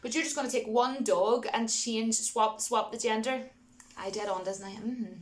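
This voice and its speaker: Chatty woman film vlogger, fairly high. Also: fairly even intonation, moderate pace. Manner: chatty, exasperated, many asides to viewers. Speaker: vlogger reviewing films. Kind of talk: casual opinion rant to camera.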